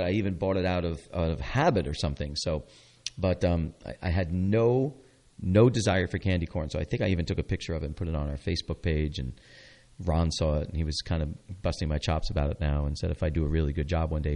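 A man's voice: low-pitched, a little mellow. A middle-aged man hosting a local radio show, chatting casually and rambling with many fillers. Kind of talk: casual chat.

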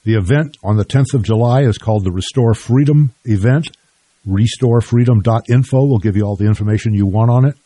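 Older man, dark husky radio host. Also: lowish voice, a little fast, no room sound. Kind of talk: radio talk show interview.

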